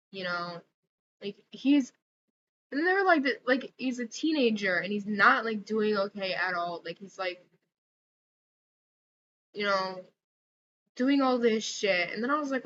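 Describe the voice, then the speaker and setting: A woman's voice: mid-range voice, normal speed, pauses often, fairly bright tone. A young woman ranting casually in a vlog, swearing often and filling her talk with "like". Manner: profane, exasperated, many fillers like "like". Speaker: vlogger. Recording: slightly dull lo-fi audio with faint noise.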